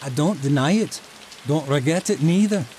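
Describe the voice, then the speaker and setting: A man voicing a thirteen-year-old low-born boy with a thick common accent, blunt and obstinate, over steady rain. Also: moderate pace, close to an everyday voice. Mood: defiant. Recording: steady rain noise behind voice.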